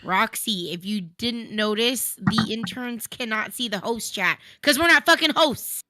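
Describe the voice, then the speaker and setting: A woman's voice: on the high side, a little slow, pushed and bright, no echo, clean studio sound. A woman, an intern on a livestream, chatting casually and complaining frankly. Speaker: stream intern. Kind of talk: casual stream chat.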